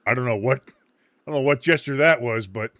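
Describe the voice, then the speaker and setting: A man calls a live match for his stream, joking and swearing freely between plays. His voice sits at an ordinary middle pitch. The sound is dry and close, with little room around it. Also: moderate pace, fairly bright tone, no room sound. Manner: loose, joking and profane. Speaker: watch-along host. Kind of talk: casual live game commentary.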